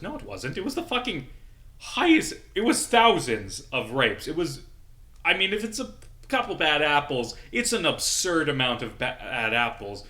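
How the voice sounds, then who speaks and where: A man's voice: mid-range voice, animated, moderate pace, bright, forceful tone. A man in his mid-twenties, a local journalist, angrily and profanely ranting in a casual vlog.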